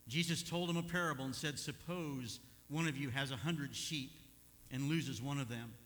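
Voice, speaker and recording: Older preacher in an echoing hall. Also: male voice, mid-range voice, moderate pace. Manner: animated, swings from quiet asides to loud urging. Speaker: pastor. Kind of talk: sermon.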